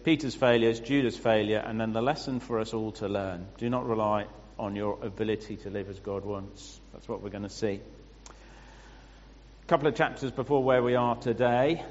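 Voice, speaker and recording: Man preaching in an echoing hall. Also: medium pitch. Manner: explaining scripture with pauses and restarts. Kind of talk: sermon. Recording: muffled sound with long hall reverb.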